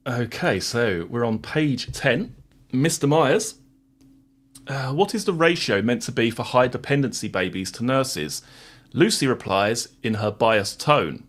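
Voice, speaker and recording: A man's voice: medium pitch, a bit bright. Man reading court transcripts aloud. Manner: sarcastic, exasperated with critics. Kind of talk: casual live-stream chat and transcript reading.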